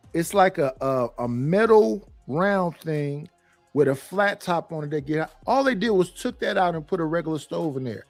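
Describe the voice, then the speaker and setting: A middle-aged man with a notably high voice speaks bluntly on a panel, cursing freely and rambling through stops and restarts. The sound is dry and close, with faint music underneath. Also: no echo. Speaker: panel guest. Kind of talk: casual opinion talk.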